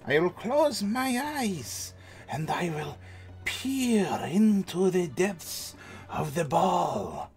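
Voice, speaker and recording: A man voicing a mysterious old woman fortune teller gazing into a crystal ball, speaking slowly and mystically. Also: on the low side, sing-song, soft background music, pitched above the performer's own voice, exaggerated voice. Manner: slow, hushed, mystical.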